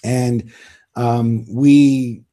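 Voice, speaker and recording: A man's voice: mid-range voice, fairly even intonation, extremely slow, warm tone. A middle-aged man telling stories as an interview guest in a casual, self-assured way, with emphatic repeats. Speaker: interview guest, author and seminar leader.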